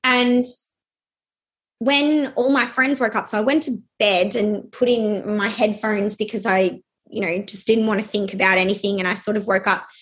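A young adult woman telling a personal story in an interview, hesitant and halting with many fillers. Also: medium pitch, steady tone, fairly bright tone.

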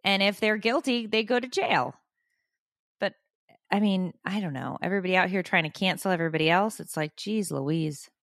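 A woman's voice: medium pitch, a little fast, fairly bright tone, no room sound, clean studio sound. A woman in her forties co-hosting a podcast, chatting casually and rambling with frequent laughs. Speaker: podcast co-host. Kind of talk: casual chat.

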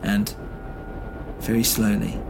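A man narrating a story in the first person, measured and low-key. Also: monotone, music in the background. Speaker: narrator and host.

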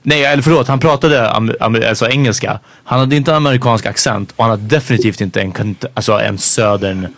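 A man hosting a podcast in casual chat, talking quickly in bursts and stopping to correct himself. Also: medium pitch, fairly bright tone, dry recording. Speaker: podcast host.

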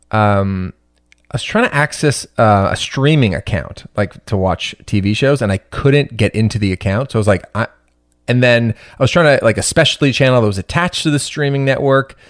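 A man in casual podcast chat who gets animated as he tells a story and acts out both sides of a phone call. His voice sits at a fairly low middle pitch. The recording is dry and close. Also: no room sound. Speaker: podcast co-host.

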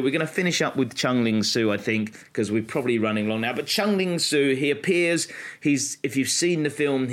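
A man co-hosting a podcast and telling history stories in a casual, explanatory way. He slows down for the dramatic moments. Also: medium pitch.

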